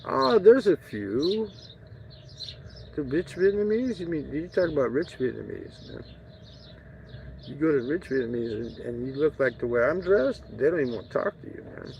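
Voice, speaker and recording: Gravelly man rambling in a casual vlog. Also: mid-range voice, lively intonation, fairly quick, a little mellow. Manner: profane, joking, digressive. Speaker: travel vlogger. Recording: dull lo-fi audio with faint outdoor noise.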